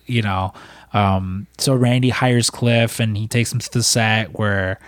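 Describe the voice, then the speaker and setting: A man's voice: fairly low pitch, fairly even intonation, a little slow, no echo. A man casually recapping a film plot in a chat, with lots of fillers and restarts. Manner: rambling, many fillers and restarts.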